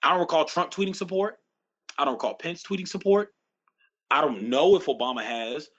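Lively, emphatic ranting man. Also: a little high, fairly quick, dull audio. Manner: emphatic, ranting, profane, repeats phrases for force. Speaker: podcast host. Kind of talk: casual podcast conversation.

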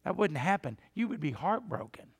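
A man's voice: high voice, big pitch swings, normal speed, creaky, breathy edge, long reverb tail. An older man, a pastor, preaching a conversational sermon, asking the congregation questions and putting on mock voices. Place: church sanctuary.

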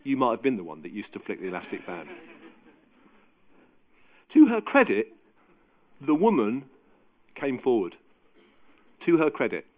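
Animated male preacher. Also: mid-range voice, a little slow, long pauses. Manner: animated, conversational, emphatic. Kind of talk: sermon.

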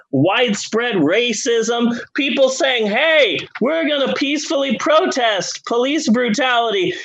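A man's voice: sits high, fairly bright tone, poor audio. A man co-hosting a comedy podcast, ranting in theatrical, profane mock outrage. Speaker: podcast co-host.

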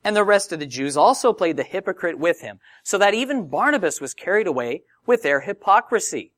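A male preacher whose lively voice swoops widely in pitch, set fairly high for a man. He teaches in a conversational, animated way and speaks close to a dry microphone with no room sound. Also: brisk, no echo. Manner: animated, conversational Bible teaching with acted quotes. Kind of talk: sermon.

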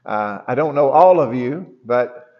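A man's voice: medium pitch, expressive, a little slow, lo-fi sound. Rambling storytelling preacher man. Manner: rambling storytelling, many restarts. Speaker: pastor. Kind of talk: sermon. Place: church.

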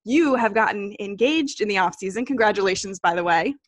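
A woman's voice: mid-range voice, lively intonation, a little fast, dry recording. A woman hosting an interview, asking friendly, upbeat questions and laughing easily. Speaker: interview host.

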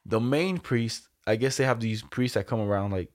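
A man's voice: mid-range voice, normal speed. Laid-back young man telling a story. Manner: profane, laid-back storytelling with quoted voices. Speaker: storyteller in casual conversation. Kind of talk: casual chat.

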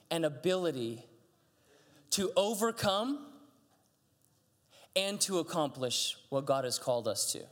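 A man, a pastor, giving a chatty, conversational sermon, telling stories animatedly with frequent restarts. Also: sits high. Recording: long hall reverb.

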